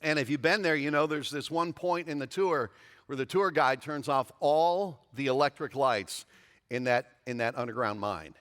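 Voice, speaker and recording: A man's voice: medium pitch, normal speed, a bit bright, big-room sound. A pastor in his fifties preaching a sermon in a church, emphatic and repeating phrases for stress. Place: church sanctuary.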